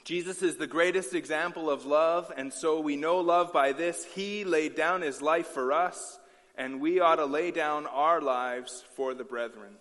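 A man's voice: a little high, a little slow, a bit bright, in a large hall. A man preaching a sermon as pastor, earnest, repeating himself and restarting his phrases often.

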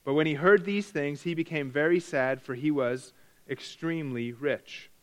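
A man's voice: fairly high pitch, normal speed. A man preaching a verse-by-verse Bible lesson, stressing key words through repetition and often restarting or correcting himself mid-sentence. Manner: frequent restarts and self-corrections.

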